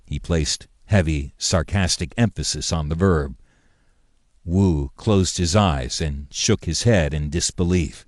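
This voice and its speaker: A man narrating an audiobook in an even, measured reading. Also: low voice, no room sound, studio quality. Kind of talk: scripted narration.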